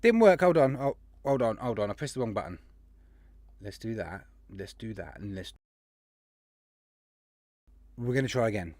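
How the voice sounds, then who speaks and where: A man hosting a casual livestream podcast, chatty and jokey, rattling off shout-outs to viewers. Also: on the low side, animated, moderate pace, long pauses, dry recording. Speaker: podcast host.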